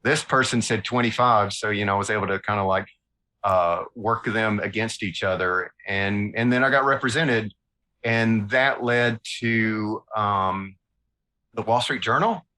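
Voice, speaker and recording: A man with a Southern American accent, a guest illustrator telling animated, self-mocking stories in a casual interview. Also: lowish voice, unhurried, rough recording.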